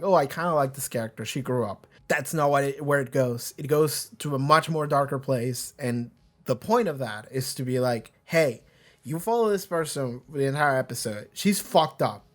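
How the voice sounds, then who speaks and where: A man hosting a reaction video, talking casually and animatedly, rambling with frequent restarts and swearing. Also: medium pitch.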